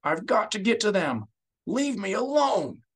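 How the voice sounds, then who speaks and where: A man's voice: medium pitch, lively intonation, normal speed, a bit bright, pitched above the performer's own voice, close to an everyday voice. Man voicing a desperate, grieving senator. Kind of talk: audiobook character voice.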